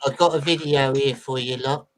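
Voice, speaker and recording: A man hosting a livestream podcast in casual chat, chatty and quick to thank his guests. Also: medium pitch, steady tone, crowd noise, low-quality recording. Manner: chatty, apologetic, thanks people warmly.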